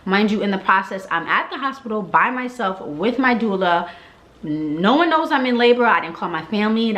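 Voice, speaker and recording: A woman's voice: mid-range voice, fairly bright tone. A young woman telling her birth story in casual vlog style, acting out the people she quotes.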